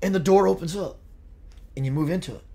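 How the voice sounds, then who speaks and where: A man hosting a live spiritual show, speaking in a gentle, earnest and meditative way and answering viewer comments. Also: high voice, fast talker, vocal fry, breathy edge.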